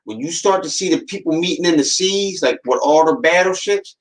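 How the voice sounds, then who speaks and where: A man's voice: on the high side, brisk, poor audio. A man hosting a podcast in a casual monologue, speaking in slangy, streetwise talk and warning his listeners with a repeated "man" and "watch". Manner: slangy, streetwise storytelling that acts out quoted voices. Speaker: podcast host.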